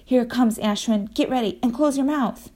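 A woman's voice: a little high, moderate pace, pitched above the performer's own voice, close to an everyday voice. Woman doing an eager young boy hero. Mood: urgent. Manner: excited, urgent, raised voice.

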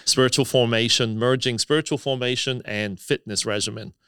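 A man in his fifties from England with an English accent softened by years in the US, a pastor and chaplain chatting casually in an animated way with many fillers. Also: medium pitch, smooth, no room sound, studio quality. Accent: English, softened by decades in the US. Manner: animated, talks fast with lots of fillers. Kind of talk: casual podcast chat.

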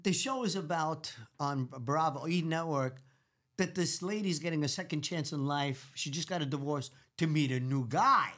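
A man's voice: a little high, moderate pace, fairly bright tone. A middle-aged man with a New York Italian accent, a hair stylist telling a story in a brash, profane way and acting out the people he quotes. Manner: brash, profane, acts out quotes with big voices. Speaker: celebrity hair stylist guest. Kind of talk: animated storytelling.

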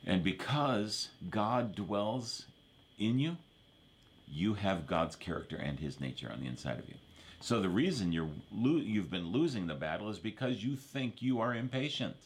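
Low-voiced male pastor, chatty sermon delivery, checks in with listeners. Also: big pitch swings, normal speed, a little hiss or hum. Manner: repeats verses, asks for amens, conversational preaching.

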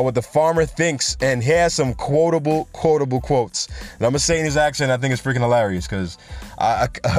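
A man hosting a podcast in a casual monologue, chatty and joking, loose and profane, laughing at his own jokes. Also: medium pitch. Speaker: podcast host.

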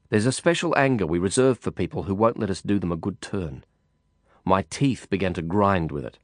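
A man reading a novel aloud in first person, measured and reflective. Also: sits low, no echo, clean studio sound. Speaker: audiobook narrator. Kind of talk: first-person audiobook narration.

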